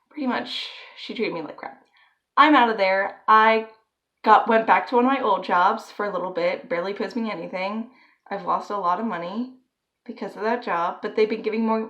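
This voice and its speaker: A woman's voice: mid-range voice, normal speed, a bit bright. A young woman telling a story on her vlog, rambling and filling her talk with "like.". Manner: rambling, filler-heavy with constant "like". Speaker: vlogger.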